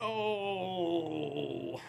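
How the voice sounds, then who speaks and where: A man's voice: sits high, very slow, creaky, darkish tone. A man streaming a space game live, chatting casually and encouraging his viewers as he plays.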